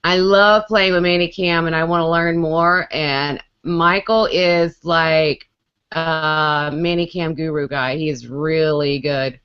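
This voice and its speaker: A woman co-hosts a casual video-call chat, talkative and playful and laughing often. Her deep voice is smooth and steady, delivered at a slow pace, though the video-call audio is muffled and lo-fi.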